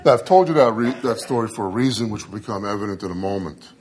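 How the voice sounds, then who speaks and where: A man's voice: lowish voice, quick pace. Man preaching with a story. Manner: storytelling, animated when quoting himself, dry asides. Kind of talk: sermon with a humorous personal story.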